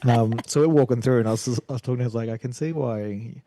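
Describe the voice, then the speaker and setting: A man co-hosting a podcast, telling stories in a relaxed, casual way. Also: mid-range voice, racing, no echo. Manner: relaxed storytelling, frequent agreeing "yeah". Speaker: podcast co-host. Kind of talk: casual chat.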